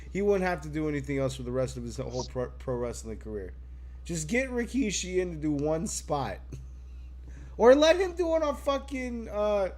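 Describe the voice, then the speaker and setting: A man on a casual wrestling podcast, excitable and profane, laughing often. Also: sits high. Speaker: podcast co-host.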